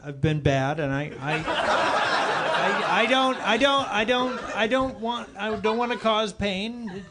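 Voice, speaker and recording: A man's voice: sits high, animated, slow pace, heavy background noise. A man co-hosting a comedy podcast, rambling and stammering, repeating himself. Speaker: podcast co-host. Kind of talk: casual comedic chat.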